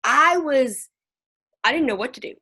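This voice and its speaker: A woman's voice: high-pitched, lively intonation, moderate pace, pushed and bright. A middle-aged woman counselor and play therapist speaking to a moms' group over a video call, chatty and folksy, sometimes acting out children's voices.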